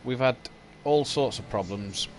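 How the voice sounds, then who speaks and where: A man's voice: mid-range voice, unhurried, slight background noise. A young man hosting a live sim-racing stream, chatting and explaining at length while sleepy from hours on air. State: sleepy, late in an endurance stream. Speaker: stream host. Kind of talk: casual live-stream chat about a sim race.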